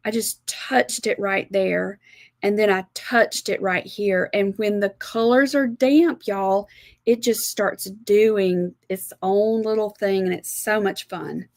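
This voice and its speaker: A woman's voice: medium pitch, fairly even intonation, slow, dry recording, studio quality. A woman from South Alabama with a Southern American accent, chattily walking viewers step by step through a live watercolor demonstration. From South Alabama, USA. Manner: chatty, homey, explains step by step. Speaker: art instructor.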